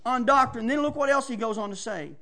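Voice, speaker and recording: A man preaching a fiery sermon, swinging from shouts to hushed tones in folksy phrasing. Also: extremely high pitch, fast talker. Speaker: pastor.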